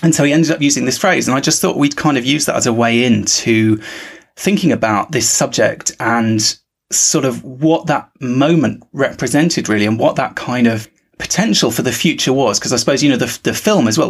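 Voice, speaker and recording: A man's voice: medium pitch, creaky, breathy edge. A man with a British accent hosting a podcast, talking things through thoughtfully with frequent fillers. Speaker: podcast host. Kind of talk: casual podcast discussion.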